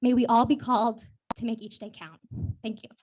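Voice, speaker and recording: A woman delivers heartfelt, formal remarks on behalf of a sponsor at an awards dinner. She sounds a little breathless, and her voice sits somewhat high. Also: little pitch movement, fairly quick, a little mellow, muffled recording. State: slightly out of breath. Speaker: sponsor executive.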